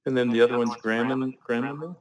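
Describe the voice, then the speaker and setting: A man's voice: mid-range voice, steady tone, a little fast, low-quality recording. Hesitant man on a video call. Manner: hesitant, keeps asking for a moment while searching. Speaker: student. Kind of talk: casual chat on a video call.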